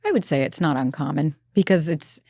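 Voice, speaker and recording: A woman who is a relationship expert, telling personal stories in a relaxed interview and acting out her own inner dialogue. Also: low voice, a little fast, husky, no room sound, studio quality. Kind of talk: conversational storytelling. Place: studio.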